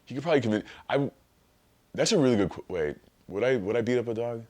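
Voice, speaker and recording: A man on a podcast, telling an animated, rambling, profane story in casual chat. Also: medium pitch, quick pace. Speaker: podcast guest.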